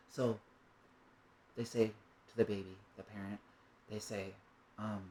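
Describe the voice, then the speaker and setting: A man's voice: fairly low pitch, flat delivery, measured pace, long pauses, warm tone, low-quality recording. Rambling, musing man. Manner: rambling, musing, keeps asking "right?". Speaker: monologue speaker. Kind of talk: reflective spoken monologue.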